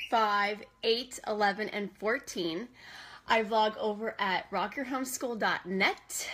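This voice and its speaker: A woman in her thirties hosting a homeschool live video, excitable and goofy, greeting viewers by name and joking about herself. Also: fairly high pitch. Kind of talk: bubbly casual live-stream chat.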